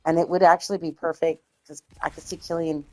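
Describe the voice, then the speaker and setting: A woman streamer chatting casually and rambling, swearing freely, her voice slightly hoarse. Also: deep voice, flat delivery, fairly quick, darkish tone. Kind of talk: casual chat.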